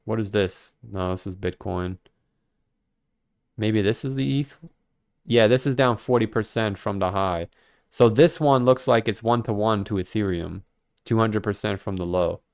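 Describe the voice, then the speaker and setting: Smooth-voiced man rambling on a livestream. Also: lowish voice, measured pace. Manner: rambling, animated, self-mocking, swears freely. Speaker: crypto livestream host. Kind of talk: casual livestream commentary.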